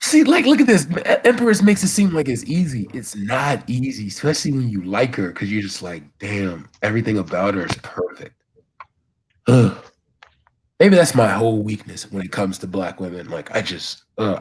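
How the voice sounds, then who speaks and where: A man on a live talk panel, telling animated, rambling stories in casual chat. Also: lowish voice, normal speed, breathy edge. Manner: rambling, animated storytelling with many fillers.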